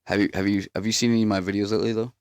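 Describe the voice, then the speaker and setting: Chill guy, lowish voice, easygoing chat. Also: flat delivery, rapid-fire, clean tone, dry recording. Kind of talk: casual chat.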